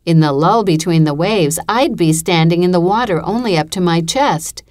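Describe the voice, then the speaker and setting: A woman narrates a first-person story as an audiobook reader. Her delivery is measured and even, and her voice sits on the lower side.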